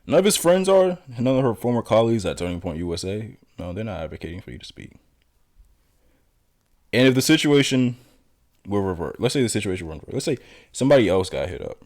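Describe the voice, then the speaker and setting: A man's voice: lowish voice, sing-song, fast, a little mellow. A man giving political commentary in a blunt, lecturing, confrontational manner.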